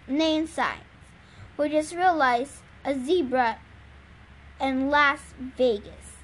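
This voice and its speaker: A woman's voice: sits high, very slow. A woman reading a novel aloud in an earnest, plain storytelling manner. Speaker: reader.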